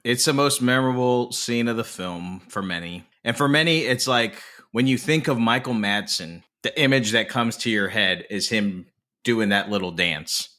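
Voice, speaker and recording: A man co-hosting a casual film podcast, retelling a movie scene in animated detail with plenty of swearing. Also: medium pitch, moderate pace. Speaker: podcast co-host.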